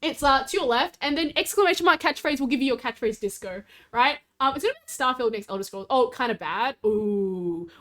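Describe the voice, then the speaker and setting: Bubbly high-voiced woman streamer. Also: expressive, brisk, hardly any pauses, fairly bright tone. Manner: bubbly, giggly, talks to chat. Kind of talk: casual live-stream chat.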